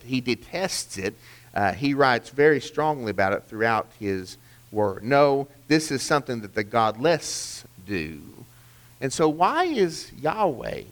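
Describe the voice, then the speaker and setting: Lively, earnest male preacher. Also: mid-range voice. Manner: earnest, emphatic, with frequent restarts and rhetorical questions. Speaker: pastor. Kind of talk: sermon.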